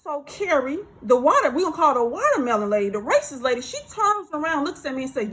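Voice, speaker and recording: A woman telling a workplace story in a casual storytime monologue, animated and repeating herself as she acts out what others said. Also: sits high, fast talker, rough recording.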